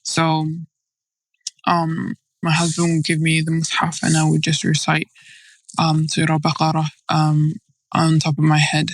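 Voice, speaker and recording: A woman guest on a podcast, earnestly telling a personal story of faith, halting and restarting, often dropping close to a whisper. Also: deep voice, monotone, poor audio.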